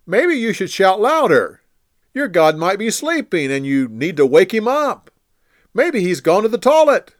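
A man's voice: on the high side, big pitch swings, slow, no echo, clean studio sound, pitched above the performer's own voice. A man voicing a bold, commanding male prophet who proclaims in a raised voice.

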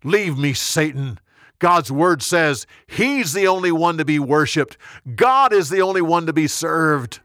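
Gentle, measured male teacher, voiced by a man; slow, dry close mic. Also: a little high, dry recording. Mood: firm. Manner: calm, measured and firm. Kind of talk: storybook narration.

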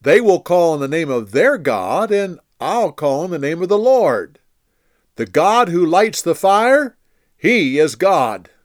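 A man's voice: on the high side, very animated, slow pace, dry recording, clean studio sound, voice pushed up. A man voicing a bold, commanding male prophet who proclaims in a raised voice.

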